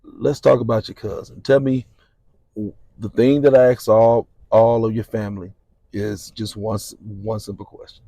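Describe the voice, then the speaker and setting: A man hosting a podcast interview, relaxed and encouraging, with a drawling delivery. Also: lowish voice, moderate pace, creaky, no echo. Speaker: podcast host. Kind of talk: casual interview.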